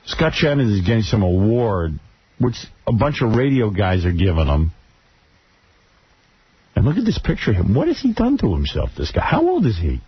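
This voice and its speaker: Husky wry radio host, lo-fi broadcast. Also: male voice, lowish voice, normal speed. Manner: wry, gossipy, animated storytelling. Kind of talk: casual radio banter.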